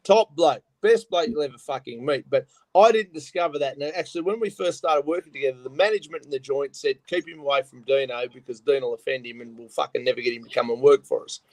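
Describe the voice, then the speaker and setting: A man with an Australian accent, rough around the edges, telling stories in casual chat and swearing often. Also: mid-range voice, fast, hardly any pauses, dry recording. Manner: rough, profane, storytelling.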